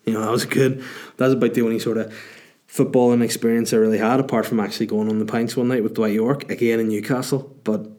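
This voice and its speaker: A man's voice: medium pitch, little pitch movement, fast talker, darkish tone. A Northern Irish man in his thirties hosting a podcast, chatting casually and joking through rambling anecdotes while answering listener questions. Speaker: podcast host.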